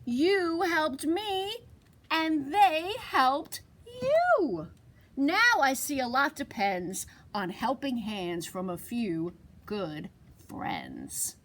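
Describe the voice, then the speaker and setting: A librarian voicing a big, self-important dump truck in a children's storybook, in a lower, pompous voice. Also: female voice, huge pitch swings, drawn-out words, fairly bright tone, heavily acted. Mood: grateful.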